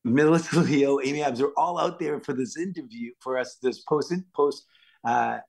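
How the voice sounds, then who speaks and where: A man's voice: mid-range voice, moderate pace, creaky, darkish tone. A man with a Worcester, Massachusetts accent, a guest actor and stuntman telling stories casually in an interview, acting out quotes with many fillers.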